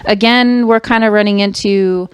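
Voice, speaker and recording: A woman's voice: mid-range voice, fairly even intonation, normal speed, clean tone, no echo. A woman co-hosting a casual podcast, reading quotes aloud, laughing easily and explaining her take earnestly. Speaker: podcast co-host.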